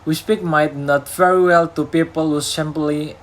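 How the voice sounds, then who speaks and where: Young Indonesian student, male, slightly high-pitched, reads a class talk haltingly with slips and restarts. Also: fairly even intonation, fairly bright tone, low-quality recording. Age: young adult. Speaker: university student. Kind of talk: retelling a talk for a class assignment.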